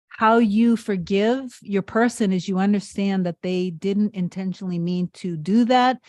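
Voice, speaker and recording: A woman's voice: mid-range voice, a little mellow, no echo. A woman coaching her viewers live, earnest and emphatic, circling back over her words as she builds a point. Her voice sits in a mid range, close to the mic in a dry, dead space. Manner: earnest, emphatic, repetitive, with restarts. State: tearful near the end. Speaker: manifestation coach hosting a live stream. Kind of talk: impassioned spiritual coaching on a livestream.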